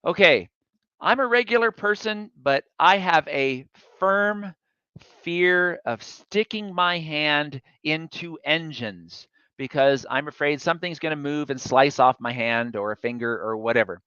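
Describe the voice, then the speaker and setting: A man tells a chatty, self-deprecating story during a public talk. His voice is bright and smooth, and a little higher than most men's. The sound is dry and slightly dull. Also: measured pace, dry recording. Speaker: guest speaker.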